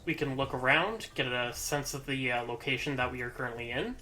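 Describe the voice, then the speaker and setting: A man's voice: mid-range voice, brisk, a crowd in the background. A young man playing a game on a let's-play and explaining it to the others in a playful way. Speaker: player and host of a game commentary. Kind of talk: casual let's-play commentary.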